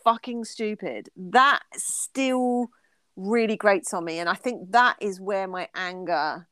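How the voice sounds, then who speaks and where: A woman's voice: medium pitch, takes it slowly, sharp tone, no echo. A middle-aged woman co-hosting a podcast, talking candidly in casual chat and swearing freely. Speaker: podcast co-host.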